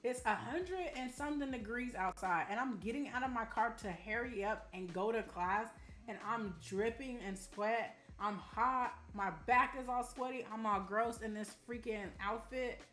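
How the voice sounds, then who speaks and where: A young woman from Arizona chatting casually with her live-stream audience, telling animated stories and calling them y'all. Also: on the high side, normal speed. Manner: chatty, animated storytelling, addresses chat as y'all. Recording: roomy room with faint music.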